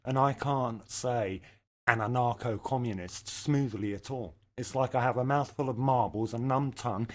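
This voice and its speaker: Sardonic ranting man, sweary and deadpan. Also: mid-range voice. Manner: sardonic, profane, deadpan delivery. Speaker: comedy ranter. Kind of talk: scripted satirical rant.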